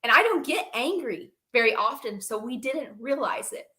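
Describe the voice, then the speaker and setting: A woman's voice: fairly high pitch, animated, normal speed, bright, forceful tone. A young woman on a podcast, telling stories animatedly and laughing often between sentences. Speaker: podcast guest, reptile breeder. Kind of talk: casual storytelling chat.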